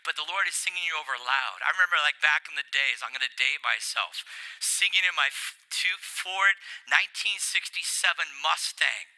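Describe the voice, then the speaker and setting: An older man preaching a sermon, animated and playful, getting worked up as he speaks. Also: a little high, moderate pace, poor audio. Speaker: pastor.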